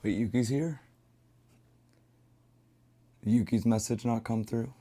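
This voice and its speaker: A man with a sick, hoarse voice chatting casually and mumbling to himself as he streams while papercrafting. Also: fairly even intonation, takes it slowly, dark tone, no echo. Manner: low-key, mumbling, thinking aloud.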